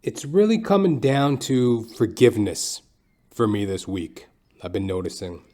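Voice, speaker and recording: A man's voice: fairly low pitch, very animated, a little slow, dark tone. A young man hosting a podcast, telling a rambling, profane comic story in a casual monologue full of fillers. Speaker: podcast host. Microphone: podcast microphone.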